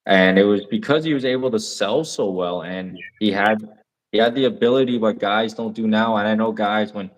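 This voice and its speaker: A man's voice: fairly low pitch, moderate pace. A young man co-hosting a podcast in casual chat, talking eagerly with lots of fillers. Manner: enthusiastic, rambling with fillers. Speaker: podcast co-host.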